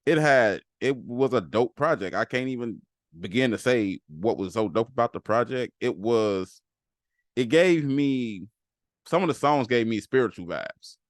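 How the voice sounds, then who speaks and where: A man's voice: fairly low pitch, no echo, clean studio sound. A man hosting a casual solo podcast, talking loosely and repeating phrases for emphasis. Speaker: podcast host.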